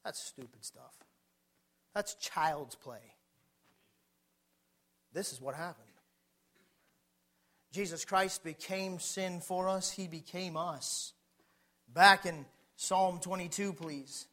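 High, bright-voiced fervent male preacher. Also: takes it slowly, long pauses. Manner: fervent, questions the listeners, swings from hushed to shouting. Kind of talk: sermon.

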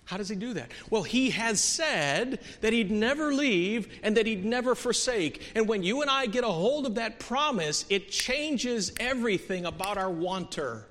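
A man preaching a sermon in a church, earnest, moving from soft, quiet stretches to emphatic peaks, with many restarts. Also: sits high, expressive, moderate pace, few pauses. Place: church sanctuary. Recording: long hall reverb.

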